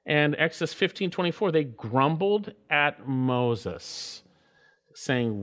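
A man's voice: lively intonation, a bit bright. Earnest male pastor preaching. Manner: earnest preaching, rises in pitch for emphasis, slows on scripture. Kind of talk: sermon.

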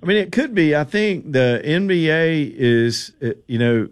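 A man's voice: on the high side, animated, a little slow, clean tone. A man hosting a radio call-in show, joking and bantering with callers. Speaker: radio talk show host. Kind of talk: casual call-in radio chat.

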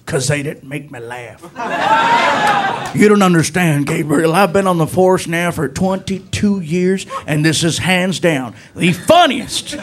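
A man playing an amused, easygoing veteran traffic cop, talking slow and fatherly. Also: a little high, lively intonation. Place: comedy stage. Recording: live audience laughter.

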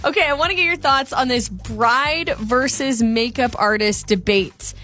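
A woman with a somewhat high voice co-hosts a casual radio show from the studio. She reads off poll figures and retells stories briskly, with soft music playing underneath. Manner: reads out poll results and texts, lively storytelling. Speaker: radio co-host.

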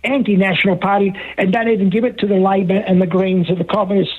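A man's voice: high-pitched, steady tone, fast. A man calling in to a talk radio show, rambling and repeating himself insistently over a muffled phone line. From Australia. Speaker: caller.

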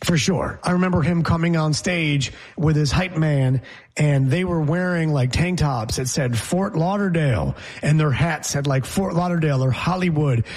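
A man hosting a sports talk show, chatting casually and running through the schedule with animated, opinionated commentary. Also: a little high, normal speed. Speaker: sports radio host.

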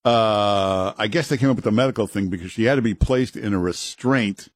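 A man fills in as a radio talk host, chatting unhurriedly in a studio with lots of "uh" pauses. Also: lowish voice, dry recording. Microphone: studio mic.

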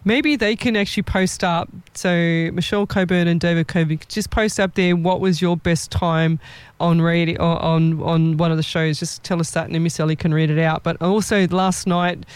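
A man working as a psychic medium who chats casually and tells animated stories, acting out the voices of the people he quotes. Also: a little high, normal speed, smooth, dry recording. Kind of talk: casual live-stream chat and storytelling.

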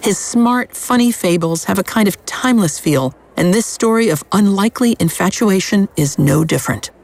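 A host reading a scripted introduction for a story segment in a smooth, even way. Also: medium pitch, normal speed.

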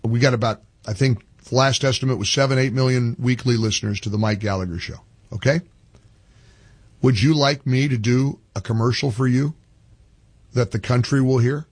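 A man's voice: mid-range voice, moderate pace, dry recording. An older man hosting a talk radio show, talking animatedly with fired-up peaks and earnest appeals to listeners. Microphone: studio microphone.

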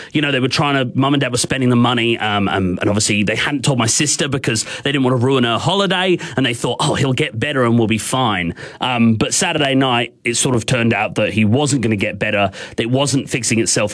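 Rambling young Australian radio host. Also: male voice, mid-range voice, fairly bright tone. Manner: rambling and open, with many fillers and restarts. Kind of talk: candid on-air storytelling.

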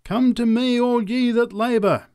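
A man's voice: extremely high pitch, fairly even intonation, a little slow, a little mellow, clear, resonant tone, voice pushed up. Man doing a screaming woman street preacher. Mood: preaching.

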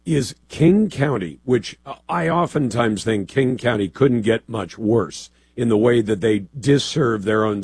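A man hosting a talk radio show, with a gravelly, hoarse voice and a pointed, conversational way of questioning. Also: mid-range voice, darkish tone, no room sound.

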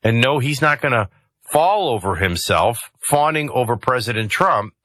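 A man's voice: mid-range voice, expressive, moderate pace, fairly bright tone, no echo. A man hosting a talk radio show, commenting conversationally with rambling asides and hesitations into a studio microphone.

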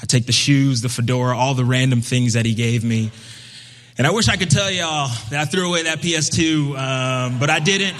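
A young man from Brooklyn telling a personal story on stage in a relaxed, conversational way, slipping into higher, livelier voices for the people he quotes. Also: moderate pace. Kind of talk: live storytelling performance. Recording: long reverb of a hall.

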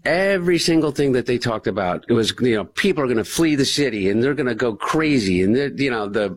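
A man's voice: mid-range voice, animated, a little fast. Earnest man praising in pundit tones. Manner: earnest, building emphasis. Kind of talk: political commentary.

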